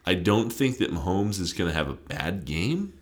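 A man's voice: low voice, very animated. A man co-hosting casual sports chat, joking as he makes his picks. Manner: joking, quick, playful. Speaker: co-host of a sports podcast.

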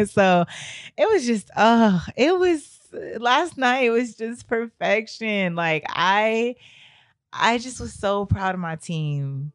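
Young woman, hoarse, lively storyteller, casual slangy talk, dry close sound. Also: on the high side, slow pace, no echo. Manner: animated, swearing, laughs often, slangy. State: hoarse from a lost voice.

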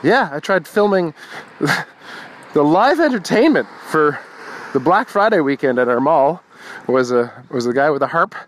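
A man's voice: on the high side, very animated, moderate pace, a little hiss or hum. A young man hosting a casual morning podcast, rambling and wry, swearing freely. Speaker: podcast host.

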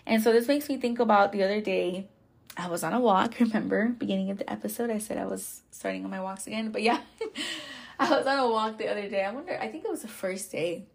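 A woman's voice: medium pitch, fairly quick, gravelly, breathy edge. A woman hosting a podcast, telling a personal faith story in a casual, chatty way, with laughs, fillers and restarts. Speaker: podcast host.

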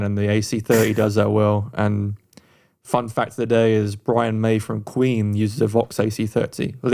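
A man's voice: on the low side, a little mellow. A man co-hosting a music podcast, talking enthusiastically in casual, rambling chat with frequent restarts. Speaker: podcast co-host reviewing songs.

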